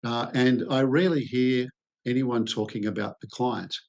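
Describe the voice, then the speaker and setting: An Australian man in his sixties, a sales expert answering interview questions in a thoughtful way, pausing often with "uh". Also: medium pitch, lo-fi sound. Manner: thoughtful, hesitant with many "uh" fillers.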